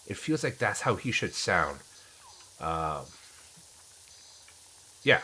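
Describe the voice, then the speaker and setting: A man's voice: sits low, sing-song, very slow, pushed and bright, a little hiss or hum, poor audio. A man streaming a game and chatting casually with viewers, rambling with many restarts. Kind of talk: casual chat while gaming.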